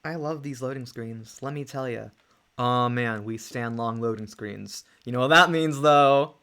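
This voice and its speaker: A woman streaming a game, chatting excitedly with quick jokes and asides over soft music. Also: a bass voice. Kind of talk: casual let's-play chat. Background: soft lofi music.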